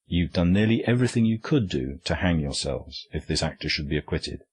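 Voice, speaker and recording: A man reading as a small, gentle priest detective who speaks quietly and gravely, each warning weighed and measured. The voice sits low with a faint husky grain, a storybook sleuth read aloud. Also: expressive. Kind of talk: audiobook character reading.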